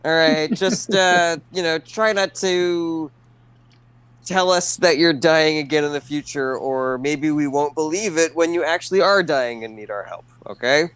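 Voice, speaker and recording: Man with a smooth, dry voice. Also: fairly high pitch, unhurried, a bit bright, dry recording. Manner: wry, teasing. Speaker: player. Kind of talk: tabletop role-play.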